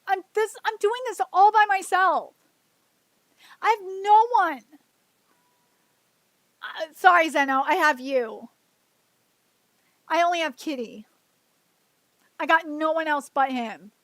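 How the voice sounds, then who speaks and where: A woman's voice: extremely high pitch, slow, long pauses, fairly bright tone, dry recording. A woman streaming alone, venting emotionally and with frustration, repeating herself and swearing. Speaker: streamer hosting her own show. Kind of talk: solo livestream venting.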